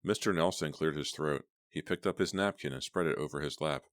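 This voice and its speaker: A man narrating a horror novel as an audiobook, steady and deliberate. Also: very deep voice, no room sound, studio quality.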